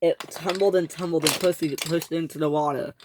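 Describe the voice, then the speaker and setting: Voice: mid-range voice, steady tone, a little fast, background noise. A narrator telling a toy train story in a dramatic storytelling style, switching into character voices. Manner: dramatic, breaks into character voices and sound effects.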